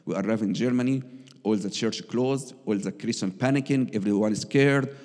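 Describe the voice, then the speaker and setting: A man's voice: on the low side, moderate pace, darkish tone, in a large hall. A man, telling his personal testimony as a missionary in earnest, broken English with frequent restarts. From Egypt.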